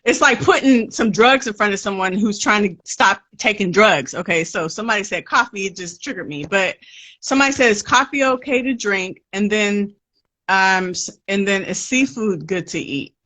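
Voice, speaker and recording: A woman hosting a casual podcast Q&A, chatty and quick to laugh. She reads out audience questions and trails off into asides mid-sentence. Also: medium pitch, pushed and bright. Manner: chatty, laughs often, self-interrupting. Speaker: podcast host.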